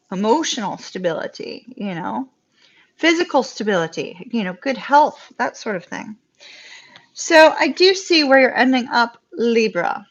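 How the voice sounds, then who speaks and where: A woman with a Southern US accent giving a live tarot reading, chatty and reassuring and quick to laugh. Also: fairly high pitch, a bit bright. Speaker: tarot reader. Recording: dull lo-fi live-stream audio.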